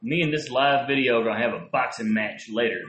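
A man's voice: mid-range voice, quick pace, a crowd in the background. Crude joking man, echoey room. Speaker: co-host of a live video chat. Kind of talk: casual profane banter. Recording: roomy echo with faint noise.

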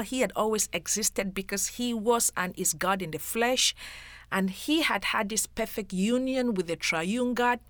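A woman's voice: medium pitch, no room sound. A woman giving an earnest devotional Bible teaching, emphatic and speaking straight to the listener as a friend.

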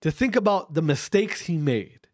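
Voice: mid-range voice, expressive, moderate pace, darkish tone. A speaker giving an opinion rant to camera, emphatic and blunt, firing off repeated rhetorical questions and swearing for emphasis.

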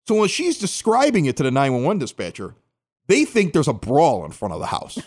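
Middle-aged guy from chicago spinning a funny story, voice jumps all over, kinda high pitched. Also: fairly quick. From Chicago area. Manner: animated, acts out quotes with big pitch jumps. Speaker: podcast host. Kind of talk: casual storytelling.

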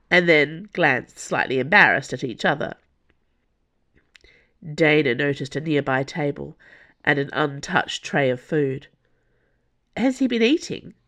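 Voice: medium pitch, pushed and bright. An audiobook narrator reading scripted fiction expressively.

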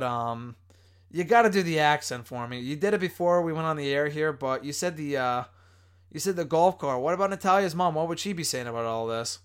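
A man hosting a casual podcast chat, excitable and often breaking into laughter. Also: on the high side. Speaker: podcast host.

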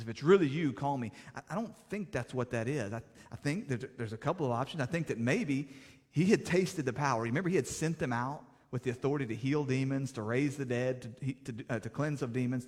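A man preaching a sermon, animated, rising loud and dropping soft as he teaches from scripture. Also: mid-range voice, big-room sound. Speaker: pastor.

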